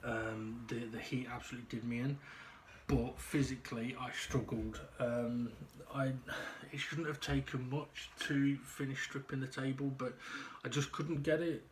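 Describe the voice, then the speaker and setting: A man talking through a casual personal video diary at home, out of breath and halting, with frequent ums and restarts. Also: medium pitch, fairly even intonation, a little hiss or hum. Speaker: vlogger.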